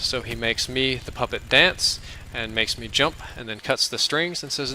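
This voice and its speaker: A man rambling through a dream story while commentating on gameplay. His voice is very bright and forward, with a medium pitch. A faint hiss runs underneath. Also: measured pace, few pauses, low-quality recording. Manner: casual, rambling, animated retelling. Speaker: gaming commentator.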